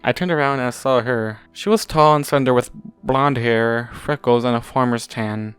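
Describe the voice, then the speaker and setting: A man's voice: mid-range voice, moderate pace, fairly bright tone, clean tone, no echo, faint music behind. A man casually reading a first-person story aloud, offhand and unpolished, leaving his slips and restarts in. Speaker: fanfiction reader.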